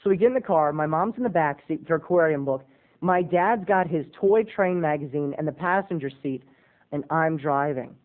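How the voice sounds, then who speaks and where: A man in his twenties, a video blogger telling a comic story in an animated, dramatic, self-mocking way. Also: fairly high pitch, normal speed, phone-quality sound. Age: 20s.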